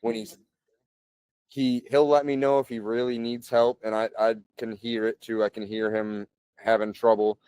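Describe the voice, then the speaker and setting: A man in his thirties speaks in a low voice, recorded close and dry with no room sound. He tells stories in a loose, chatty way, full of fillers, and clears his throat now and then. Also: normal speed, no room sound. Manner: relaxed, chatty, frequent "like" and "you know". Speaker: podcast guest. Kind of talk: casual conversational storytelling.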